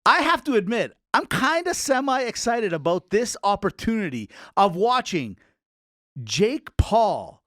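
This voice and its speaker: A man co-hosting a sports podcast, telling stories in an excitable, teasing way. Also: high voice, unhurried, no room sound, studio quality. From Canada. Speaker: podcast co-host. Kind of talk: casual sports banter.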